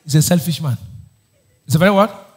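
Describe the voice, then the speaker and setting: Male pastor, higher register, emphatic sermon with call-and-response. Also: animated, a little fast. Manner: call-and-response questions to the congregation; emphatic preaching, often raising his voice.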